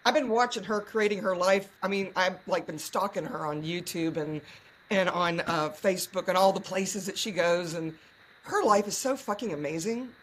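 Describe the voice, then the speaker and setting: A woman's voice: fairly low pitch, moderate pace, fairly bright tone, slight background noise. A woman hosting a podcast in a playful, gushing, casual way, sometimes hamming up a put-on Southern drawl. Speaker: podcast host. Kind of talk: casual chat.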